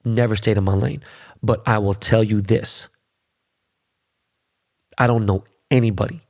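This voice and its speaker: A middle-aged man with a fairly low, darkish voice hosts his own podcast solo, delivering a profane, boastful ranting monologue.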